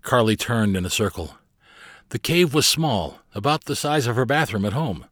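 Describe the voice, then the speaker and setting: A man narrating a children's storybook aloud with expressive, lively storytelling, close to the mic. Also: medium pitch, moderate pace, no room sound. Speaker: audiobook narrator.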